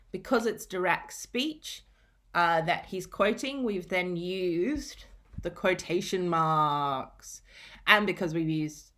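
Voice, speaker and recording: Female teacher, lower register, patient explainer for a recorded reading lesson. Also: fairly bright tone. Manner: patient, explanatory, repeats key points.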